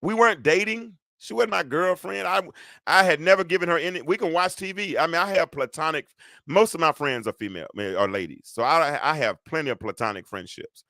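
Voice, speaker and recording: A man's voice: on the high side, fairly quick, sharp tone, no room sound, clean studio sound. A middle-aged man hosting a solo talk show in a preachy, joking way, speaking straight to his audience and calling for amens. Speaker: host.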